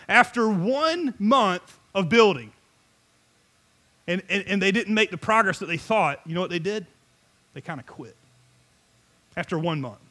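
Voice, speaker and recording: Middle-aged male pastor, high bright voice, lively joking sermon delivery. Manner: animated, joking, conversational preaching with frequent laughs.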